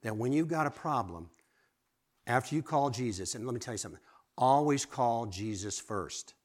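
Lively male preacher, swinging loud and soft. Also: mid-range voice, moderate pace. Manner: lively, rising to exclamations and dropping to quiet asides; asks the audience direct questions. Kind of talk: sermon.

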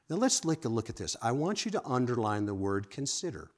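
A man preaching a sermon, lively and conversational, swinging from emphatic exclamations to quiet asides and asking the congregation direct questions. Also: mid-range voice, fairly quick, hardly any pauses. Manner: asks the audience direct questions.

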